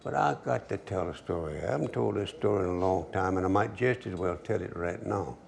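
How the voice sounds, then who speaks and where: Give me an older man with a deep gravelly drawl, chatting through a cooking demo. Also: brisk, slight background noise. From Louisiana. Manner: relaxed drawl, storytelling asides. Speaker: cooking show host. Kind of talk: folksy cooking demonstration.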